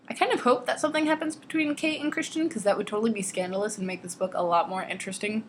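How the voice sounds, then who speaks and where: A young woman vlogger reading a novel aloud and ranting about it, sarcastic and exasperated, swearing freely and squeaking high when she mocks lines. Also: fast, hardly any pauses, a little hiss or hum. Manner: jumps to squeaky high pitch when mocking quotes. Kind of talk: casual ranting book commentary.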